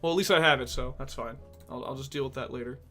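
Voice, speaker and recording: This rambling young man reacts to songs in a medium-pitched voice that sounds pushed and bright, talking at a quick pace. He thinks aloud, swears, and leans heavily on filler words in casual music reaction chat, while faint music from his tracks plays in the background.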